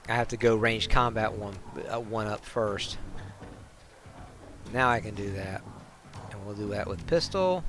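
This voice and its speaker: A man streaming a role-playing game, chatting casually and poking fun at himself. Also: on the low side. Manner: casual, self-deprecating. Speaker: gamer streamer. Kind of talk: let's play commentary and reading aloud.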